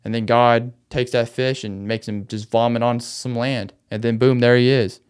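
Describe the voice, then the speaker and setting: A man's voice: mid-range voice, level tone, normal speed, clean tone. A man hosting a podcast, retelling a Bible story in a loose, chatty way with slangy asides. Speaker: podcast host.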